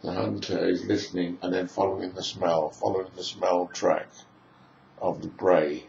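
A low, gravelly male voice delivers a lecture at an unhurried, musing pace, stringing together long lists of phrases. The recording is roomy and a little dull and lo-fi, with a faint hiss underneath. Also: little pitch movement, a little mellow. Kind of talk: spoken lecture. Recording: echoey room, dull lo-fi sound.

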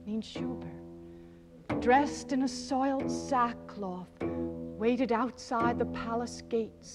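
A woman's voice: on the high side, slow, over loud music. A woman storyteller performing an ancient epic in a rhythmic, incantatory way, sometimes dropping to a whisper.

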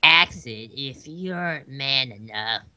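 A man voicing a gruff, husky older woman who is the wife of a crime boss, sneering and bossy, for a game playthrough. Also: mid-range voice, animated, slow, sharp tone, full character voice. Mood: menacing.

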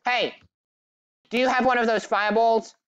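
A woman chats casually during a multiplayer game and scolds her teammates whenever they joke. Her voice sits a little high. The muffled, lo-fi chat line dulls her sound. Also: fairly even intonation, normal speed, clear, resonant tone. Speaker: video channel owner.

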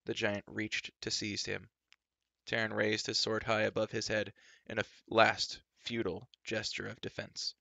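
A man's voice: fairly low pitch, level tone, normal speed, vocal fry, pushed and bright, no room sound. A man reading a storybook aloud with dramatic narration. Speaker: storybook reader.

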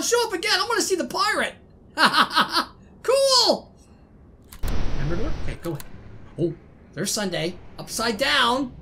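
Woman, gaming host, excitable, laughs a lot, bright, high voice. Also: a little hiss or hum. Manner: excitable, talks to the game characters, laughs often. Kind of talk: let's play commentary.

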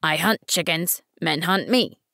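A woman voicing a wise, patient male fox in an audiobook, speaking in a measured, earnest way. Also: fairly low pitch, vocal fry, pushed and bright, no echo, clean studio sound, full character voice. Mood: wistful. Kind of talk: audiobook reading.

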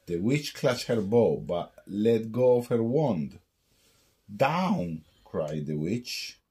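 A man's voice: on the low side, warm tone. A man reading a rhyming picture book aloud at bedtime in a sing-song storytelling way.

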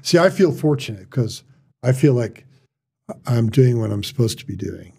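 A middle-aged man, a surgeon, telling stories in casual chat, halting with restarts and quoted dialogue. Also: mid-range voice, animated, creaky, warm tone, slightly rough. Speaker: surgeon guest.

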